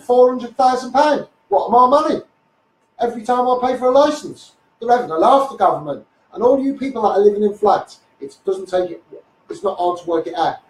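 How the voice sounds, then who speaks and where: Ranting Scouse man, high voice. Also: darkish tone, reverberant, far from the mic, poor audio. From Liverpool, England. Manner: blunt, combative, repeats "you know what I mean". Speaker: Facebook Live streamer. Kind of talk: ranting live stream monologue.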